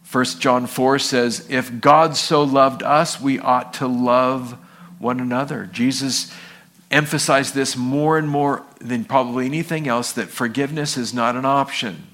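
A male pastor preaching a sermon, telling stories and acting out the people in them with a raised voice. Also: unhurried. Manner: animated storytelling, acts out quoted people in a high voice.

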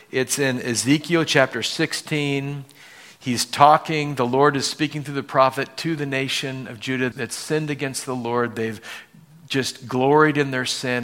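A man in the pulpit delivering a sermon with a bright, forceful voice. He is expressive, slipping into characters' voices as he retells the scene. He gets visibly moved as he preaches. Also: mid-range voice. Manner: expressive, acts out dialogue in voices; moved to emotion while preaching. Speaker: pastor.

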